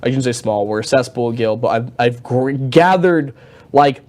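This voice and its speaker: A man of middle pitch co-hosts a gaming talk show and rambles excitedly through his points. He restarts sentences often and leans on fillers as he goes. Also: normal speed. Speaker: podcast co-host. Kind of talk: casual gaming chat.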